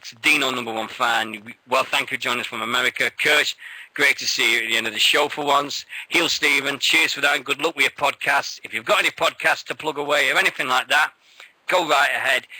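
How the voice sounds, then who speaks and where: A man's voice: medium pitch, pushed and bright, no room sound, rough recording. A man with an English accent hosting a casual wrestling radio show, blunt and full of swearing. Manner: blunt and sweary, laughs often. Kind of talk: casual chat.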